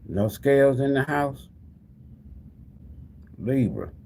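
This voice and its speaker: Speaking slowly in a medium-pitched, slightly mellow voice with big swings in pitch, a man runs a tarot live stream and gives away prizes. He talks straight to viewers as "y'all" in a casual way, repeating the same calls to them over and over.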